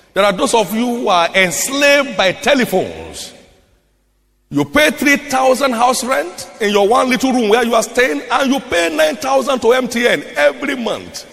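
A man's voice: extremely high pitch, gravelly, fairly bright tone. A man with a Nigerian accent preaching a sermon, reading scripture in a half-sung cadence and repeating key phrases for emphasis. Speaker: pastor. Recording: long hall reverb.

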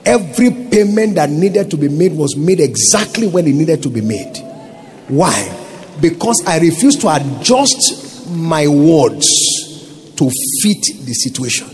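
A man's voice: a little high, very animated, measured pace, darkish tone, slight background noise. A man preaching a sermon as pastor, emphatic, with many rhetorical questions.

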